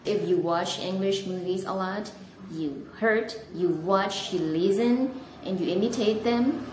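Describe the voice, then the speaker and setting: A woman who speaks English with an Indonesian accent gives a relaxed, chatty video lesson on learning English, laughing at herself now and then. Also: medium pitch, a little slow. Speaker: English teacher. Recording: echoey room with clear background noise.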